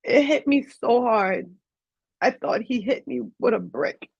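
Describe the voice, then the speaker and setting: Woman guest w a gravelly, creaky voice telling her story real earnest, dull lo-fi sound. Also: fairly high pitch, unhurried, darkish tone, no room sound. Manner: earnest, vivid retelling with quoted dialogue. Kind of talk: personal storytelling in an interview.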